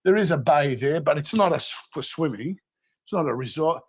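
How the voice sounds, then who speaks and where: Australian man, high-pitched, loose rambling talker on a live panel. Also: lively intonation, fairly quick, husky. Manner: rambling, laughs often, restarts a lot. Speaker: panel guest. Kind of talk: casual chat.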